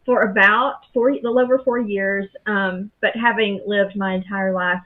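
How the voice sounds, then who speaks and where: A woman's voice: medium pitch, fairly even intonation, moderate pace. A woman from the Southern United States with a Southern accent, chatting casually as a podcast guest. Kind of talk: casual interview chat. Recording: phone-like call audio.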